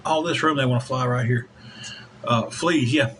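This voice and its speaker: A man's voice: mid-range voice, moderate pace, a bit bright, a little hiss or hum, low-quality recording. A man hosting a casual livestream, rambling in a folksy way and thanking viewers by name. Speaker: livestream host.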